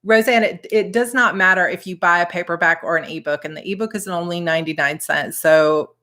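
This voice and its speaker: A woman's voice: on the low side, brisk, bright, forceful tone. A woman in her thirties with a Georgia Southern accent, chatting casually and effusively with viewers on her live stream as an author. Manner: chatty and effusive, reads viewer comments aloud.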